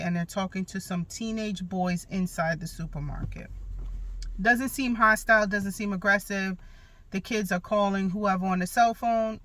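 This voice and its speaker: A woman's voice: mid-range voice, a bit bright, no echo. A woman in her thirties hosting a podcast, telling a personal story in a candid, emphatic way with some blunt cursing. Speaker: podcast host.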